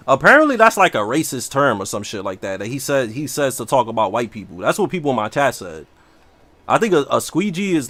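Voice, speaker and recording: There's no room sound around this man's mid-range voice as he chats casually and brashly while streaming a game. He's a livestreamer, and his casual gaming stream talk is slangy and animated.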